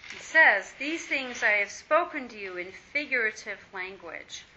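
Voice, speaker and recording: A woman reading scripture aloud in a steady, measured way during a Bible study. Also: fairly high pitch. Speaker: scripture reader. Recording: muffled lo-fi with faint hiss.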